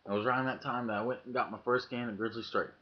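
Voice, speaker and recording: A man with a medium-pitched, fairly even voice tells a quick-paced, casual story to his webcam as a vlogger. He swears liberally and acts out the quoted lines, and the webcam mic recording sounds dull and lo-fi.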